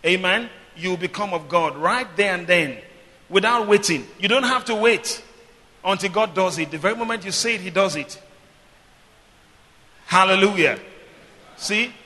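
A man preaching a sermon as pastor, leading call-and-response and swinging between loud proclamation and quiet teaching. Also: high-pitched, moderate pace, long pauses, long reverb tail.

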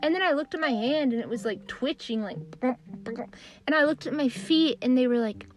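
A young adult woman hosting a podcast, telling customer stories in a profane, exasperated, animated rant. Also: high-pitched, moderate pace, faint music behind. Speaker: podcast host. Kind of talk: casual comedic rant.

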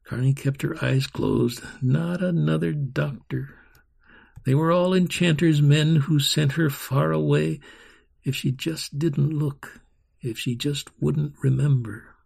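A man reading a story aloud in a slow, rhythmic, expressive way, voicing sound effects himself. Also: medium pitch, vocal fry, breathy edge.

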